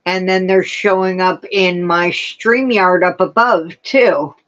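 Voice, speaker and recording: Woman livestream host, chatty and unhurried, answers viewer comments, lo-fi stream sound. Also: fairly low pitch, steady tone. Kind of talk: casual livestream chat. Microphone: streaming setup with laptop.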